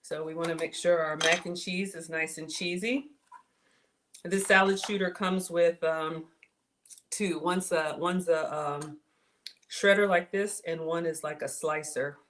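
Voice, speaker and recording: A woman's voice: fairly low pitch, fairly even intonation, unhurried, a bit bright, a little hiss or hum. A woman hosting a casual cooking livestream from her home kitchen, chatting and answering viewer comments as she works. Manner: chatty, reads viewer comments aloud, folksy.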